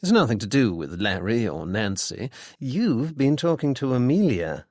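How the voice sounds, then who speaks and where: A man reading an audiobook, voicing a young gentleman amateur detective with a bland, politely ironic manner. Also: medium pitch, very animated, moderate pace, no echo, studio quality. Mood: probing. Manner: politely ironic, mock-innocent.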